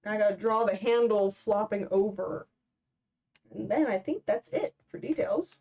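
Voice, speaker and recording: A woman's voice: medium pitch, lively intonation, unhurried, mellow. A young woman chatting casually while she draws on a live stream, rambling and filling gaps with "like" and "um". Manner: rambling, heavy on fillers. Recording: dull lo-fi stream mic.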